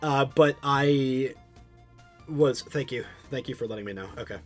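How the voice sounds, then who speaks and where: A man's voice: medium pitch, measured pace, faint music behind. A man livestreaming, chatting loosely with his audience while he studies a language. He rambles, restarts his sentences and repeats words. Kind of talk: casual chat with a live chat while studying a language.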